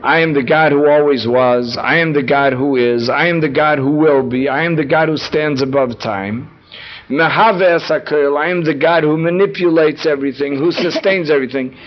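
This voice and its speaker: A man's voice: a little high, normal speed. Man explaining a text, lo-fi sound. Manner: explanatory, repeats key phrases for emphasis. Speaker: Torah teacher. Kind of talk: text study lecture. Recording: dull lo-fi recording.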